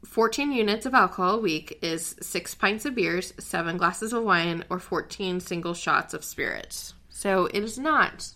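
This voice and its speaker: A woman's voice: lowish voice, measured pace, few pauses. A woman co-hosting a health news podcast, casually reading out news items with many fillers. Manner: relaxed, filler-heavy, reads headlines aloud. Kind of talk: casual chat.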